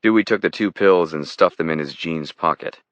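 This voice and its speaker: Male audiobook narrator, very low voice, steady and measured; dry, dull recording. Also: no room sound. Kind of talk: scripted thriller narration.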